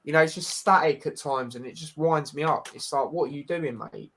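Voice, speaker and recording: A man's voice: fairly high pitch, brisk, fairly bright tone, slight background noise. A man with a Scouse accent hosting a casual football chat, frank and blunt, often restarting and calling people mate. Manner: frank, repeats himself, says mate often. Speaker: podcast host.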